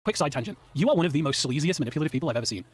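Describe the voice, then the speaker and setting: English guy, furious rapid-fire rant, swings all over in pitch. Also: lively intonation, slightly rough, no echo. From England. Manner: heated, indignant ranting with swearing. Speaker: commentary guest. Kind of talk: ranting commentary.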